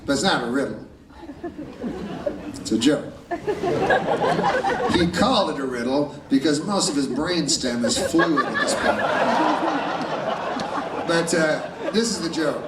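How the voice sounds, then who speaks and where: A man tells dark jokes in a flat, rambling, deadpan way, his voice a little high. He is picked up from a distance in a roomy live venue. Loud audience laughter and noise surround him. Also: unhurried, long pauses, over a noisy crowd. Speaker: stand-up comedian. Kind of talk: stand-up comedy. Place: stage before a laughing audience.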